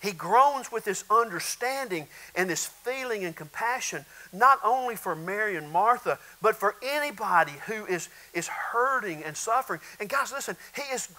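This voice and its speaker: Preacher guy, middle-aged, high bright voice, folksy and down-home, acts out little bits mid-sermon. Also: low-quality recording. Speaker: pastor.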